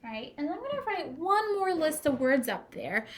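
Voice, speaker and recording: A woman teaching a phonics lesson to young students at a whiteboard, sounding out words slowly and patiently. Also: sits high, sing-song. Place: classroom at a whiteboard.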